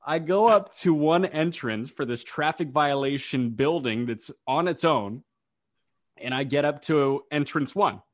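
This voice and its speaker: Young man, sports podcast co-host, animated ranting delivery, somewhat high voice. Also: unhurried. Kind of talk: casual sports podcast chat.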